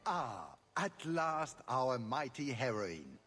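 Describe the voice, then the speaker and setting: An actor playing a pompous aristocratic duke who speaks in florid, courtly phrases. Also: male voice, mid-range voice, very animated, slow pace, a bit bright, breathy edge, heavily acted. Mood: gracious. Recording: long reverb.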